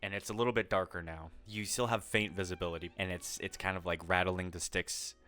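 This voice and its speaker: A man's voice: deep voice, fairly even intonation, brisk, bright, forceful tone, faint music behind. A man running a tabletop game as game master, narrating loosely with lots of fillers. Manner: loose, filler-heavy storytelling.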